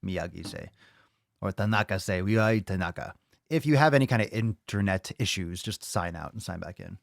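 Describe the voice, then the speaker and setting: A man's voice: medium pitch, vocal fry, no room sound, studio quality. A man hosting a live fitness podcast stream, chatting loosely with viewers, joking, swearing and rambling. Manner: loud, joking, profane, rambling. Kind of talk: casual live-stream chat.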